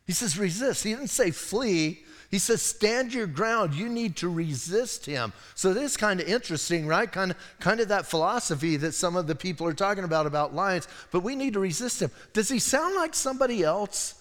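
A man preaching a sermon as pastor, in a conversational style with digressive asides and animated moments. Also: sits high, normal speed, few pauses, in a large hall. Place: church sanctuary.

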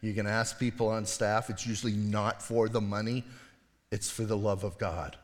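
A man's voice: on the low side, fairly even intonation, normal speed, long reverb tail. A middle-aged male pastor giving a sermon, retelling the story in a casual, conversational way with acted voices.

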